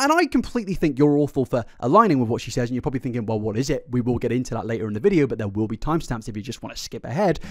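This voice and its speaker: Animated British man with lively pitch. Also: no echo, clean studio sound. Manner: animated, sarcastic, stammers and repeats words. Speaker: commentary YouTuber. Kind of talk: reaction commentary.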